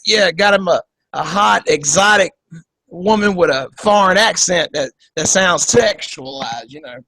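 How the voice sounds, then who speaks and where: A man's voice: sits high, a little slow, creaky, bright, forceful tone, dry recording, rough recording. A man hosting a podcast, giving casual political commentary in a profane, joking, rambling way over a video call. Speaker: podcast host.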